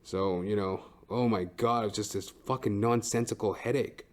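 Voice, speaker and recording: A man's voice: on the low side, steady tone, normal speed. A man hosting a podcast, telling a comic story in a profane, ranting way with frequent "right?". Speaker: podcast host.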